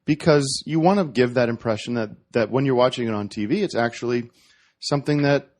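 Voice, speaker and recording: A man chats on a podcast in a middle-pitched voice. He tells a story and keeps restarting his sentences and correcting himself. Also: a little fast. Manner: animated storytelling with many restarts. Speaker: podcast guest. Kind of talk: casual podcast chat.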